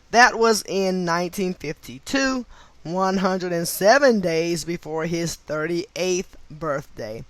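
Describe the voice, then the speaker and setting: A woman's voice: fairly low pitch, no echo. A woman reading a nonfiction book aloud, stopping to spell out names letter by letter and add short asides of her own. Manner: spells out names letter by letter, interjects brief agreement. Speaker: book reader.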